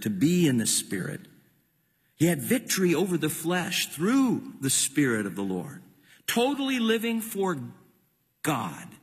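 Male preacher, husky voice with a lot of rasp, lively and rising pitch, sermon in an echoing hall with long reverb. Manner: impassioned, emphatic preaching with repeated words.

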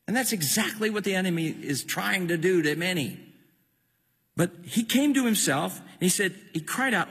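Male preacher, husky voice with a lot of rasp, lively and rising pitch, sermon in an echoing hall with long reverb. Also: normal speed. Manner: impassioned, emphatic preaching with repeated words.

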